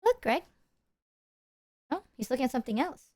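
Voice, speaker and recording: A young woman livestreaming casual chat, animated and giggly, talking to her cat at her desk mic. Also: high-pitched, normal speed, pauses often, dry recording. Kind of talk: casual live-stream chat.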